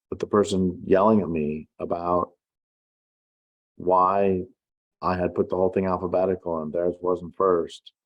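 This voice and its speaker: A man with a very deep voice talks at an easy, unhurried pace. He is an author telling a personal story in a reflective, wry way. He sounds middle-aged. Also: dull audio. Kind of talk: casual spoken essay.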